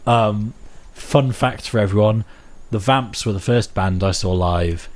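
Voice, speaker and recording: A man with a fairly low voice hosts a loose, chatty radio show. He teases his co-hosts and rambles through his links in an easygoing way. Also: unhurried. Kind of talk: casual studio chat.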